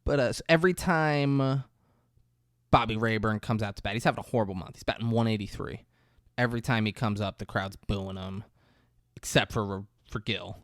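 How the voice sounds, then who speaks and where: A man co-hosting a casual movie podcast, retelling scenes with lively acted-out voices. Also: on the low side, no echo, studio quality. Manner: animated storyteller, acts out movie scenes in quick voices. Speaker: podcast co-host. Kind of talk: casual movie recap chat.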